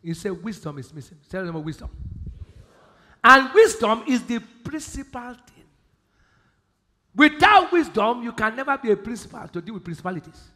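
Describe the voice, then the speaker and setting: Shouting Nigerian pastor in a big hall. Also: male voice, extremely high pitch, big pitch swings, normal speed, long pauses. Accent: Nigerian English. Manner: preaching with sudden shouted emphasis and Bible quotes. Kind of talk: sermon. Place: large church hall. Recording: live church hall with long reverb.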